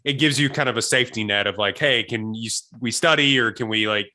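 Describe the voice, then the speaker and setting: Young guy rambling on a podcast, bright voice, cracks himself up. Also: mid-range voice, a little fast. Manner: rambling storyteller, laughs a lot. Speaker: podcast host. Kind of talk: casual podcast chat.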